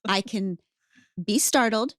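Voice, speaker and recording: Animated, playful woman podcast host. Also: mid-range voice, slow pace, dry recording, studio quality. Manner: animated and playful, acting out stories. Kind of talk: casual chat.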